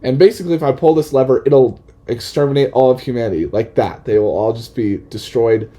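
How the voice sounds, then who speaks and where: A man's voice: mid-range voice, fairly quick, dark tone, natural voice. A man voicing an ancient male blue rattlesnake who guards a lever, in a theatrical, grandiose way. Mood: weary. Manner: grandiose, dramatic announcer-like delivery. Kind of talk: comedic storytelling with put-on voices.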